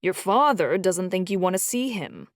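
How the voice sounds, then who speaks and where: A woman voicing a booming, playful middle-aged male dragon-shifter uncle who teases and scolds. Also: big pitch swings, normal speed, dry recording, clean studio sound. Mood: scolding. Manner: teasing, scolding.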